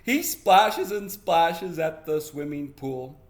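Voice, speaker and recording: Smug tattling little girl, a bit higher, as a man reader puts her on. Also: expressive, takes it slowly.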